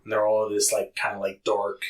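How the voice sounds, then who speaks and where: A man's voice: fairly low pitch, monotone, moderate pace, noisy background. A man running a tabletop game, narrating loosely with many fillers. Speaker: game master.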